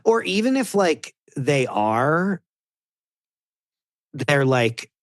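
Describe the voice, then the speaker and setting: A man's voice: fairly high pitch, extremely slow, dry recording. Male podcast guest, rambling casual talker, dry close sound. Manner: rambling, heavy use of "like", animated quoting of others. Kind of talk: casual chat.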